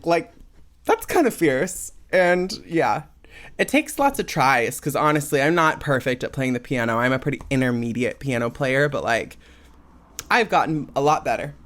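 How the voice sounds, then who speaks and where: Young male podcast host, mid-pitched, loose rambling delivery with constant fillers. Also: lively intonation, normal speed, fairly bright tone. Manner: chatty, rambling, many "like" and "um" fillers. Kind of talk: casual solo podcast chat.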